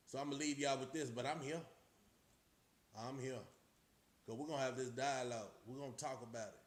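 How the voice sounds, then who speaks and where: A man's voice: medium pitch, a little fast, long pauses. Streetwise middle-aged Texan man musing aloud. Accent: Texas. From Austin, Texas. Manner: preachy, rhetorical questions, streetwise slang. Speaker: vlogger. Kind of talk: casual talking to camera. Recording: roomy echo.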